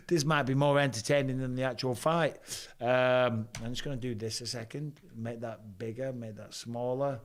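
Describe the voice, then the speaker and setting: A man's voice: mid-range voice, normal speed. Sweary Lancashire man chatting live. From Lancashire, England. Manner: swearing, rambling, chatty banter. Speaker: host, former fighter. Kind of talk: casual live-stream commentary.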